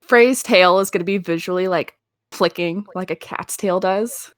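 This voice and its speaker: A woman's voice: lowish voice, normal speed, dry recording. A woman narrating her character's actions in a tabletop game, hesitant with many fillers. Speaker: player.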